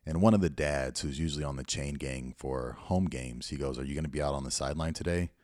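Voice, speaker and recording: A man's voice: rumbling low, quick pace, darkish tone, dry recording, studio quality. A middle-aged man hosting a motivational podcast, telling a story in an earnest, encouraging way. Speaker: podcast host and youth football coach.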